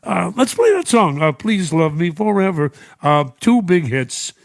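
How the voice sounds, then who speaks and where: Older radio host, emotional, dry studio sound. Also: male voice, high voice, sing-song, measured pace, vocal fry, dry recording. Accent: New York. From United States. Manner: warm, emotional, chuckling often. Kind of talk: radio show reading listener messages. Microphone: studio microphone.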